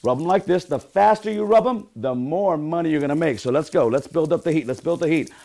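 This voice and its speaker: A man's voice: on the high side, fairly quick, darkish tone. A man, a real estate sales coach, giving an upbeat motivational training talk and leading call-and-response affirmations.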